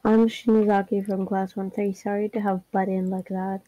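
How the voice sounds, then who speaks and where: A woman with a gravelly voice voicing an earnest teenage schoolgirl in a fan dub of game dialogue, pleading and gentle by turns. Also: medium pitch, level tone, moderate pace, no echo, natural voice, low-quality recording. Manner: dubbing game lines with emotional pleading.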